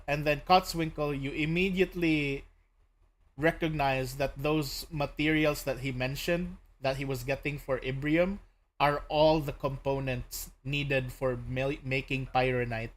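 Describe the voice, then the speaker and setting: A man's voice: mid-range voice, steady tone, unhurried. A man narrating as game master of a tabletop game, hesitant, filling his speech with "uh" and "basically".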